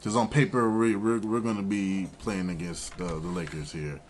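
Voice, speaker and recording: A man's voice: low voice, fairly even intonation, a little hiss or hum. A man co-hosting a casual sports podcast, who repeats words while he works out his point. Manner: halting, repeats words, teasing. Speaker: podcast co-host.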